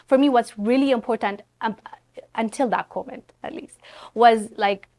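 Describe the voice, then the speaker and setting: A woman's voice: fairly high pitch, normal speed, a little mellow. A woman from Ethiopia with an Ethiopian accent, whose first language is Amharic, speaking earnestly and outspokenly as a guest in a conversational interview. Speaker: guest, Pan-African content creator.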